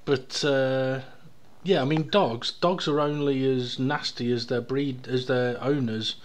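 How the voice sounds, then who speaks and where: A man's voice: medium pitch, fairly even intonation, measured pace. A British man co-hosting a podcast, musing in loose, sweary casual chat with many "I mean"s. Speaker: podcast co-host.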